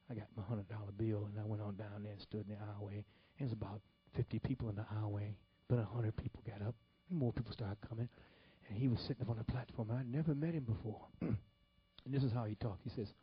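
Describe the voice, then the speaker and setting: A man preaching a sermon, telling stories with animated swings between loud exclamations and hushed whispers. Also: lowish voice, brisk, slightly rough, dull audio. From Detroit, Michigan. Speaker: pastor. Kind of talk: sermon storytelling.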